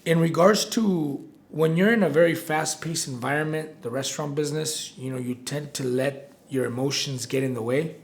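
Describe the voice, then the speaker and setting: A man's voice: fairly high pitch, normal speed, hardly any pauses, a little hiss or hum. A man in his forties, a restaurant operations director, telling stories in a casual interview, rambling and restarting with frequent "right?" tags. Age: 40s.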